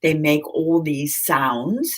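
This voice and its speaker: A woman's voice: low voice, animated, takes it slowly. A woman giving a conversational recorded lecture, asking the listeners questions and repeating key points.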